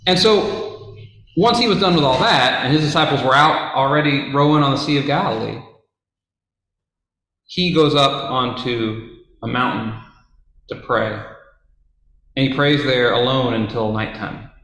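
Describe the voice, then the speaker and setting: A man retells a Bible story in a relaxed, chatty way, full of fillers and playful asides. His voice sits at a middle pitch. The recording is very echoey, as if made in a bare room. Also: a little slow, long pauses. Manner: casual, conversational, with fillers and asides. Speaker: Bible teacher.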